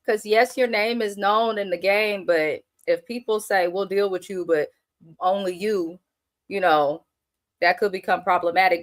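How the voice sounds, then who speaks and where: A woman, hosting a live, casual reality TV recap in a blunt, animated and profane way. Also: on the low side. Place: at work on a lunch break.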